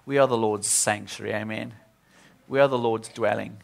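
A man's voice: lowish voice, fairly even intonation, normal speed, gravelly. A man preaching a sermon at a church service, earnest and often repeating himself as he restarts.

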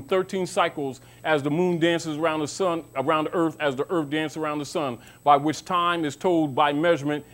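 High-voiced man lecturing, preachy. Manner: preachy, rhetorical questions, mocking asides; calls listeners baby. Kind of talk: informal lecture to an audience.

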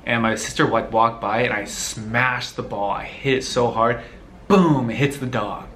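A young man chats through viewer questions in a loose, rambling way, laughing easily as he goes. His voice sounds bright and lively. A faint background hum sits behind him. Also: mid-range voice, moderate pace. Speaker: vlogger answering viewer questions. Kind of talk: casual Q&A chat.

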